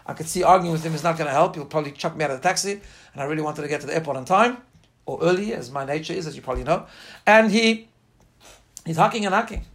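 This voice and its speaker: A man's voice: fairly high pitch, fast, a bit bright. A man giving an informal class on faith, speaking earnestly and emphatically and weaving in personal stories. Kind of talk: informal spoken class lecture with personal anecdotes.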